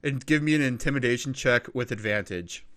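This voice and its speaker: A man's voice: medium pitch, a little fast, fairly bright tone. A man narrating a tabletop game as game master, in a loose, casual way.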